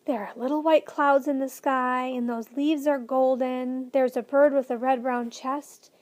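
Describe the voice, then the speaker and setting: Shy, eager little girl, a woman reading, high bright voice, storybook. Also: fairly even intonation, measured pace.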